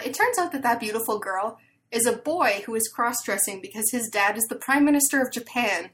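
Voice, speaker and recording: A woman's voice: fairly high pitch, a bit bright. A woman, co-hosting a podcast in casual chat and telling stories with many fillers. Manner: chatty storyteller with many fillers. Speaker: podcast co-host.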